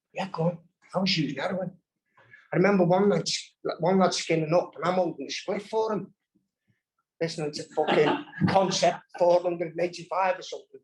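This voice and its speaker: A man's voice: on the high side, rough recording. A man with a Scouse accent from Birkenhead, telling his story candidly and bluntly at a live recovery workshop, swearing freely. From Birkenhead, England. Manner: blunt and profane, heavy swearing. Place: live convention hall.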